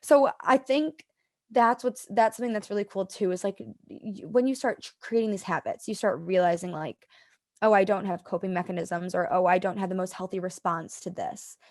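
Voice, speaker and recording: A woman's voice: medium pitch, normal speed, a little mellow. Chatty young woman, podcast guest. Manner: chatty, lots of "like", talks to herself in quotes. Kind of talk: casual interview chat.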